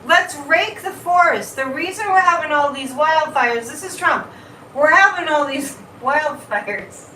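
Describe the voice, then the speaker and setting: Animated woman livestreaming in an echoey room. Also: high voice, unhurried, slight background noise. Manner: animated, repeats words, reads viewer comments. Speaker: psychic livestream host. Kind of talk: casual livestream chat. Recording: echoey room, mic at a distance.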